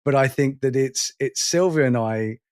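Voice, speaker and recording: A man's voice: mid-range voice, normal speed, a little mellow. A man in his forties co-hosting a podcast, chatting casually and rambling in a self-mocking way, often restarting his sentences. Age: 40s. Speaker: podcast co-host. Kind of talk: casual chat.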